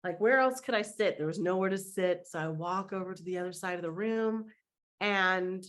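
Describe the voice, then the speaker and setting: Lively woman telling a story. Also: on the low side, moderate pace. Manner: animated storyteller who acts out other people's lines. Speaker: podcast guest, mindset and manifestation coach. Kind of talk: storytelling in a podcast interview.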